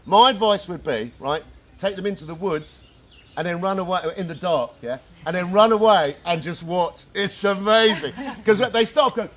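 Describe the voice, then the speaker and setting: An animated man leads an informal talk outdoors, his voice pitched a little high. He throws in slang like man and dude. Faint birdsong and outdoor noise sit behind him. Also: moderate pace. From England. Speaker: workshop speaker. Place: outdoor gathering in the countryside.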